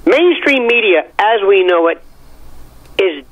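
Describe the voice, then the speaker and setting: A man's voice: high-pitched, lively intonation, slow, phone-quality sound. A man giving wry, emphatic media commentary, telling stories with theatrical flair. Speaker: legal and media analyst. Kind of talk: opinionated commentary, animated storytelling.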